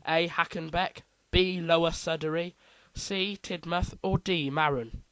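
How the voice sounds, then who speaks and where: A man's voice: a little high, steady tone, measured pace, fairly bright tone, clear, resonant tone, dry recording, rough recording. A man hosting a casual quiz, reading out multiple-choice options with playful asides. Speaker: quiz host.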